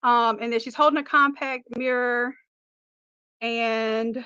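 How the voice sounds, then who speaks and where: A woman's voice: fairly high pitch, steady tone, slow, bright, forceful tone, smooth, no echo, dull audio. A woman hosting a casual livestream, chatting and teasing as she walks through a design tutorial. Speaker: host.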